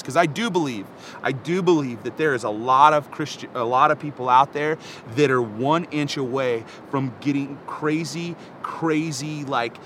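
A man talking casually about faith, animated and rambling, with frequent laughs. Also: fairly high pitch, normal speed, a little hiss or hum. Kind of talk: casual chat.

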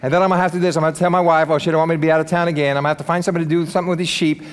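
A man's voice: a little high, level tone, big-room sound, close to an everyday voice. A man playing a fretful Moses who rattles off worried excuses about the trip. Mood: fretting. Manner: rambling, fast worried excuses.

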